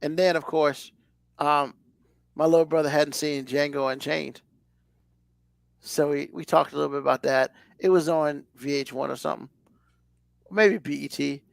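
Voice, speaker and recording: A man's voice: a little high, steady tone, moderate pace, creaky, pauses often, no room sound, clean studio sound. A man co-hosting a podcast, chatting casually in a rambling way full of fillers. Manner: rambling, loose, lots of fillers. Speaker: podcast co-host. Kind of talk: casual chat.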